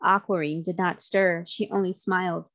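A woman narrating a classic children's novel aloud, in a steady storytelling manner. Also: on the low side, moderate pace.

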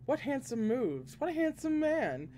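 A man voicing a playful, teasing young male cultivator with a cheeky, bright manner in a read-aloud. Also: fairly high pitch, wildly swooping pitch, a little slow, a little hiss or hum, exaggerated voice.

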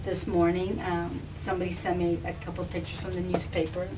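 A woman telling a personal story on a live panel, animated and often laughing, with restarts and repetitions. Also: on the low side, fairly quick. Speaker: filmmaker and activist guest. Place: live event room with an audience. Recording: distant mic with background noise.

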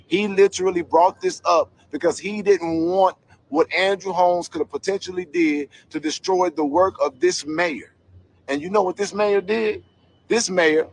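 A man giving an angry vlog commentary rant, heated, profane and emphatic. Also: a little high. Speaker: commentator investigating a local scandal.

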